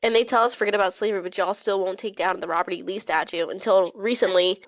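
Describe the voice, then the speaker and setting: Woman, podcast co-host, fast animated casual chat, lots of fillers, dull dry lo-fi sound. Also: mid-range voice, no room sound. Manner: quick, animated, conversational with frequent fillers.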